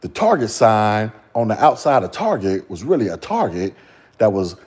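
A man's voice: lowish voice, very animated, normal speed, darkish tone, breathy edge, pitched below the performer's own voice. A man putting on the voice of a preachy conspiracy theorist who lectures his listener as "brother" in a knowing tone. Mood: mock-lecturing.

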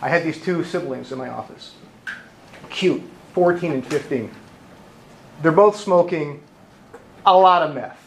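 A man, a therapist, giving a lively, humorous conference talk and acting out voices. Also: on the high side, unhurried, long pauses, roomy sound, slight background noise, poor audio. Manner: lively and joking, acts out voices. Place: conference hall.

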